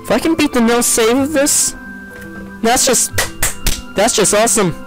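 A man's voice: very high voice, moderate pace, poor audio. A man hosting a game playthrough, chatting loosely and correcting himself as he goes. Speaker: gaming channel host. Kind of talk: let's play commentary. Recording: game music playing behind. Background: game music.

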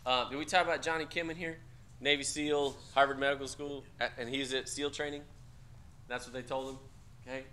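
A man's voice: medium pitch, fast, pushed and bright, a little hiss or hum. A man teaching a class, talking bluntly and casually with profanity, quizzing students in a discussion. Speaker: instructor.

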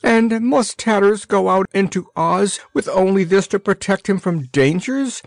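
A man reading aloud, voicing a fretful older woman housekeeper who wails her words, set well above his own pitch. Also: a little slow, no echo, clean studio sound. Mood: wailing. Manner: wailing.

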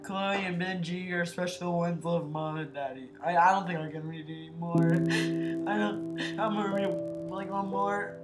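A man recording a let's play, reading lines aloud in a slow, halting, tearful way while crying. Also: sits high, steady tone. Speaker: gaming video creator. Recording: echoey room with loud music. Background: loud guitar music.

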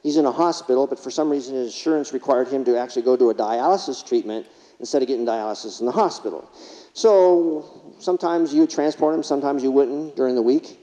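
A man gives a keynote at a conference in a large hall, sharing funny anecdotes and throwing rhetorical questions at the audience. His voice is medium-pitched and warm, and he talks fast. The recording sounds distant, with dull hall reverb.

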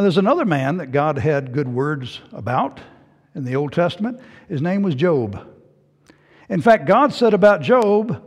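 Lively, high-voiced male preacher in a reverberant hall. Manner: expressive preaching, voicing the Bible's questions in a hushed, pleading tone. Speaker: pastor. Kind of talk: sermon.

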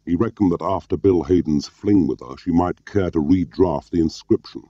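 A man reading an audiobook as narrator in a measured, steady way, in a slightly muffled, dry recording. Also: deep voice, no echo. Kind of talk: scripted narration.

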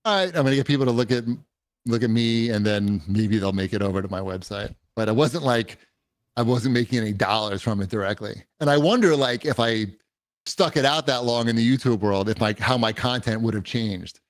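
Chatty man guest, mid-pitched voice. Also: a little fast, dry recording, clean studio sound. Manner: rambling, conversational, frequent 'you know'. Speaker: podcast guest. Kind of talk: casual chat.

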